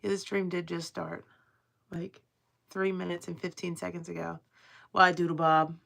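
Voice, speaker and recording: A woman with a fairly low, flat voice and some vocal fry talks at a normal speed. She's live streaming from home while she crafts, rambling casually to her viewers and swearing freely.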